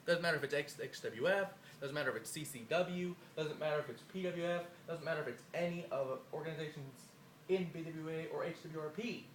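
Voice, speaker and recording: A man's voice: a little high, fast talker, a bit bright, a little hiss or hum. A man cutting a boastful, profane wrestling promo, his voice a bit worn. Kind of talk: trash-talking wrestling promo. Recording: echoey room, faint ambience.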